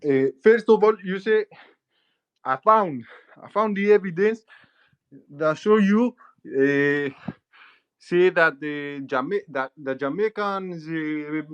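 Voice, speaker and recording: A man voicing a whiny, put-upon young man calling in, who pleads and repeats himself. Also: lo-fi sound. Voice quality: high whining voice. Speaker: call-in caller bit.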